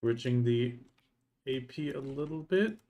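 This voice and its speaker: A man's voice: medium pitch, measured pace. A man live-streaming a game, chatting casually and greeting viewers as he plays. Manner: relaxed, talks to himself and greets viewers between game moves. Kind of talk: casual live-stream chat while playing.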